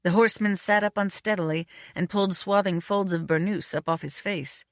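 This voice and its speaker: An audiobook narrator reads scripted material in a medium-pitched voice, keeping the delivery even and brisk. The recording is dry, with a close sound.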